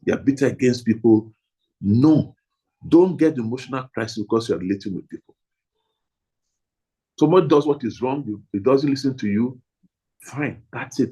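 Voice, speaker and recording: A man with a husky, slightly rough voice teaches a room of pastors. He talks emphatically and repeats himself, punching out single words for stress. His pitch sits in an ordinary middle range. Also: warm tone, poor audio. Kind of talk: training talk to pastors.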